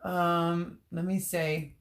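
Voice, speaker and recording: A woman's voice: fairly low pitch, little pitch movement, extremely slow. Giggly woman laughing through a livestream chat. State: teary from laughing. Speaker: livestream host reading chat. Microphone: webcam or phone on a stream.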